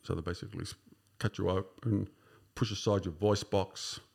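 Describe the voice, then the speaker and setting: A man's voice: sits low, steady tone, normal speed, creaky, a little mellow, husky. An Australian man in his fifties, a podcast guest telling his own story in a casual, rambling way with many fillers. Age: 50s. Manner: rambling, full of "sort of" and "you know" fillers.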